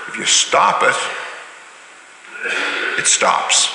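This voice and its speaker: A man, a pastor with a Canadian Maritime accent, giving an all-ages talk and gently questioning the congregation. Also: fairly low pitch, expressive, normal speed, creaky, pauses often. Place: large church sanctuary. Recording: echoey church hall, faint room noise.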